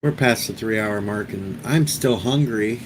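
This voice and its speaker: Low-voiced joking male streamer. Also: unhurried, slight background noise, low-quality recording. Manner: joking, rambling. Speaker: livestream host. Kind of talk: casual live-stream chat.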